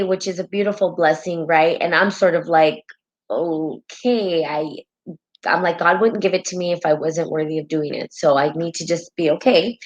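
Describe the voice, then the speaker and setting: A woman's voice: on the low side, low-quality recording. A woman hosting a spiritual live stream in casual talk, heartfelt and rambling, often tagging her sentences with "right?", and tearful at times.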